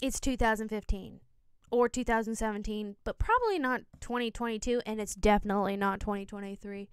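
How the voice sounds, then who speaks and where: Young woman, casual explainer, rambling and jokey, slightly high voice, phone recording. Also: expressive, brisk, clean tone, no echo. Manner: rambling, self-correcting, jokey asides. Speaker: video essay host.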